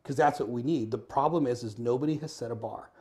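A middle-aged man, a guest in an interview, telling stories in a lively, animated way and acting out dialogue. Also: mid-range voice, fast talker. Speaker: guest, former firefighter and business owner. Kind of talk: casual interview storytelling. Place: Arizona.

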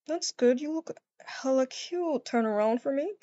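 A woman voicing an affectionate young adult boyfriend in a game role-play, talking softly and doting. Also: sits high, normal speed, no room sound, muffled recording, pitched below the performer's own voice, natural voice. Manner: soft, doting, calls partner baby.

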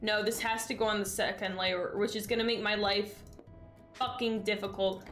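A woman's voice: mid-range voice, steady tone, normal speed, a bit bright, soft background music. A woman streaming a game in casual chat, exasperated and sarcastic, swearing freely. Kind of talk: casual live-stream chat while gaming.

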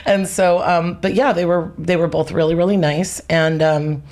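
A middle-aged woman chatting as a podcast guest, telling stories casually and acting out the voices she quotes. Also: moderate pace. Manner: animated storyteller, acts out quoted voices with big pitch jumps. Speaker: guest, former nanny.

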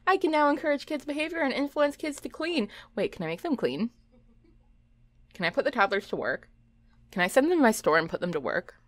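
A woman's voice: high-pitched, big pitch swings, fairly quick. A young adult woman hosting a let's play, giving chatty, giggly commentary and talking to her game characters. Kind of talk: casual gameplay commentary.

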